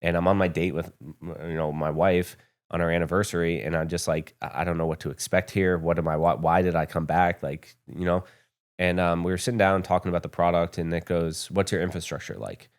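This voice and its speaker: His low voice barely moves in pitch and goes fairly quickly. The American podcast guest rambles through his founder story candidly and profanely in a casual storytelling interview in a podcast studio.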